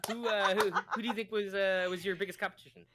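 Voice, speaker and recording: A man's voice: sits high, fairly even intonation, quick pace, close to an everyday voice. A man voicing a bumbling male TV talk-show host with a celebrity impression, stammering and chuckling through an amateur fanfic table read. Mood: jovial. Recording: noisy stream audio.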